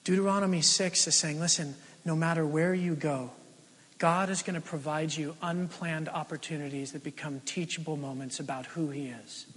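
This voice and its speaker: Male pastor, 30s, high voice, earnest animated sermon, long hall reverb. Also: normal speed. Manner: earnest, animated storytelling with sudden emotional dips. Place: church sanctuary.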